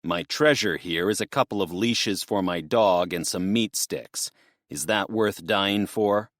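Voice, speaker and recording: A man's voice: sits low, measured pace, fairly bright tone, no room sound, clean studio sound. A man voicing a middle-aged ex-Marine truck driver who speaks in a clipped, firm military command voice.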